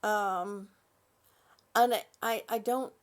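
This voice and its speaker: A woman's voice: medium pitch, steady tone, slow pace. An older woman hosting a live stream, chatting as she reads viewers' comments, with many ums and restarts. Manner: chatty, warm-hearted, with frequent "um" and restarts. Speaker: channel host.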